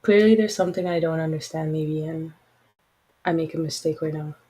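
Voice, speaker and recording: Woman, casual livestream host, very husky, lowish voice, frank and chatty. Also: a little fast, warm tone, low-quality recording. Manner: frank, chatty, apologetic asides. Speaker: podcast host.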